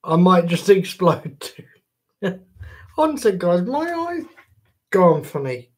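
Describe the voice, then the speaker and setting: A man's voice: high-pitched, very animated, takes it slowly. A man chatting casually to viewers on a live stream, jokey and swearing freely.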